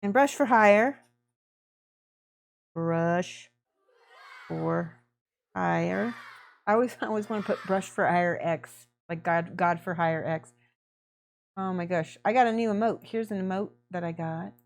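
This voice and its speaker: A woman's voice: fairly low pitch, measured pace, creaky, long pauses. A woman hosting a miniature painting livestream, chatting effusively and thanking viewers by name while she works.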